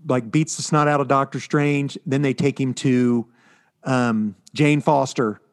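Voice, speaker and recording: A man's voice: medium pitch, fairly even intonation, a little slow. Rambling man chatting casually. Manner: rambling, filler-heavy storytelling. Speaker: podcast co-host reviewing comics. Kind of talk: casual chat.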